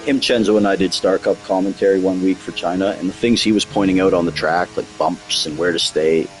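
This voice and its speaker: A man's voice: sits low, steady tone, fairly quick, slight background noise. A man leading commentary on an online racing league, chatting with his co-commentator and joking about driver nicknames. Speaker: lead commentator.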